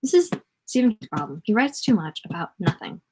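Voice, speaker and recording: A woman's voice: medium pitch, sing-song, brisk, noisy background. A woman reading a novel aloud in a casual way, often stumbling, correcting herself and adding joking asides.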